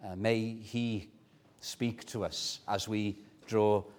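A man's voice: on the low side, steady tone, slow, darkish tone. A man preaching a sermon, earnest and full of storytelling and rhetorical questions.

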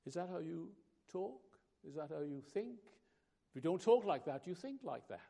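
A man preaching a sermon, slow and emphatic, pausing between phrases. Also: fairly high pitch, animated, gravelly, dark tone.

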